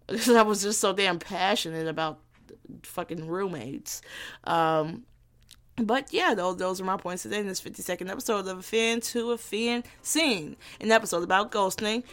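A young woman from Gary, Indiana, hosting her own podcast in a brash, profane, teasing comedic monologue. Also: mid-range voice. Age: young adult. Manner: brash, profane and animated, quick to tease. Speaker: podcast host.

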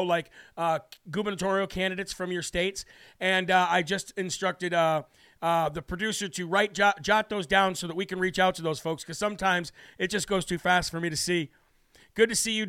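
A man hosting a live political talk show, brash and emphatic, hammering points with repetition and reading out viewer shout-outs. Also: high voice, smooth, dry recording, clean studio sound. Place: New Hampshire studio.

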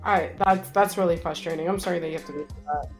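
A woman's voice: fairly low pitch, steady tone, fast talker, faint music behind. Chatty, sympathetic woman on a podcast. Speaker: podcast co-host. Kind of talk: casual chat.

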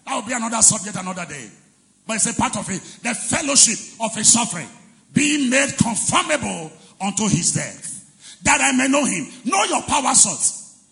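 A man preaching a sermon as pastor, leading the congregation in call-and-response and shouting and chanting his key phrases. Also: very high voice, very animated, normal speed, creaky, long reverb tail. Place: large church hall.

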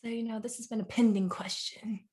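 A woman's voice: fairly high pitch, fairly even intonation, fairly quick, mellow, slightly rough. A young woman co-hosting a podcast in playful, jokey casual chat, laughing often. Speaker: podcast co-host.

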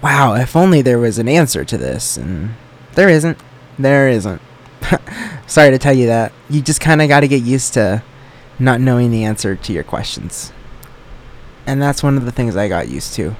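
Young guy rambling solo on his podcast, joking at himself, mid-pitched voice, faint hiss behind. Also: darkish tone. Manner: rambling, self-deprecating and joking. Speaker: podcast host.

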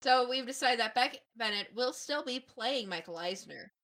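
Bright-voiced woman podcast co-host. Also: on the high side, moderate pace. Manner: playful, deadpan joking. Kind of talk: casual podcast chat.

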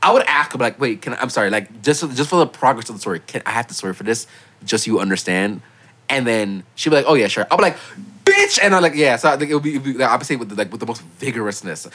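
A young man in his late teens hosting a casual podcast, telling stories in an animated way and getting loud when he quotes himself. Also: medium pitch, fast. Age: young adult. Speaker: podcast host.

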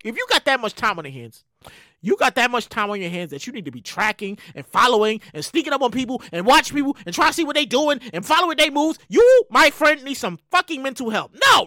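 A woman hosting her own show, ranting in a loud, profane, animated way with sudden shouted bursts. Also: high voice, dry recording, clean studio sound. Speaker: show host. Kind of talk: solo comedic rant.

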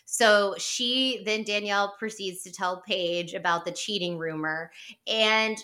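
A woman co-hosting a podcast recaps a reality show in rambling, casual chat, her storytelling stuffed with fillers like "like." She speaks unhurriedly at a medium pitch, with a pushed, bright tone.

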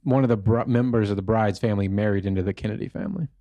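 A man's voice: fairly low pitch, rapid-fire, mellow, no room sound. Laid-back man telling a story. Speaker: podcast co-host. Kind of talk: casual chat.

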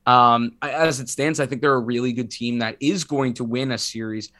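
A man's voice: medium pitch, steady tone, normal speed, pushed and bright. A man who is sick, co-hosting a sports podcast in casual chat, rambling and self-mocking with many restarts. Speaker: podcast co-host.

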